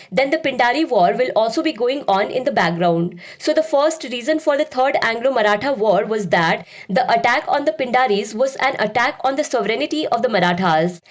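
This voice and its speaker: A woman narrating a scripted history lesson as a teacher, in a steady, explanatory lecturing manner. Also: fairly high pitch.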